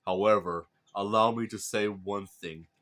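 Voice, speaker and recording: A man's voice: lowish voice, steady tone, unhurried, fairly bright tone. A man voicing a stern, proud young warrior god who speaks solemnly and firmly.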